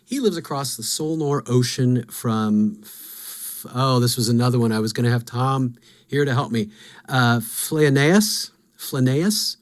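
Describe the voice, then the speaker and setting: A man's voice: medium pitch, moderate pace. A man hosting a podcast, talking through game lore in a casual, musing, self-deprecating way. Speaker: podcast host.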